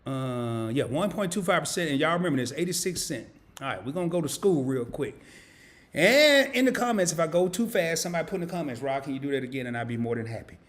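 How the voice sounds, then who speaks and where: A man's voice: on the high side, expressive, fast talker, a bit bright. A man hosting an investing live stream, casually walking viewers through calculations on screen, thinking aloud and correcting himself as he clicks. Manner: casual and folksy, talks to viewers as y'all. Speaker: investing channel host.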